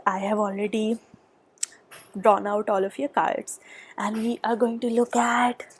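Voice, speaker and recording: A woman doing a pick-a-pile tarot reading, chatty and thinking aloud, with soft murmured asides and a nasal voice from a cold. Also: on the high side, slightly rough. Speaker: tarot reader. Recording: background noise.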